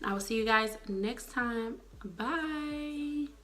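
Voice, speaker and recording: Woman w/ aave doing a blunt reality tv recap, bright edgy voice, cussing a lot. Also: on the high side, takes it slowly. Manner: blunt, exasperated, swears freely. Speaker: TV show reviewer. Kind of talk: casual recap vlog.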